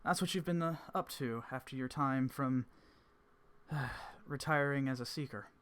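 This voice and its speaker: A man voicing a calm, scholarly male mage who speaks in a measured, formal way. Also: medium pitch, smooth, close to an everyday voice.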